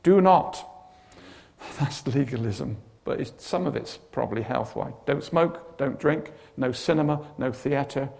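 A man's voice: mid-range voice, unhurried, vocal fry. A man preaching a sermon, telling stories with dramatic flair and humorous asides. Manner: animated storytelling with humorous asides.

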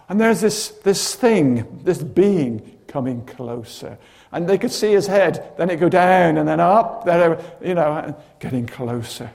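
Animated preacher, slightly high voice. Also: male voice, slow, creaky. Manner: animated storytelling with humorous asides. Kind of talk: sermon.

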